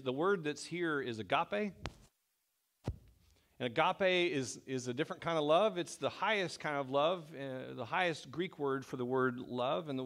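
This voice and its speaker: Male pastor, middle-aged, conversational sermon, self-deprecating, mid-pitched voice. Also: creaky. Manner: conversational, self-deprecating, repeats words and restarts. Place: church sanctuary.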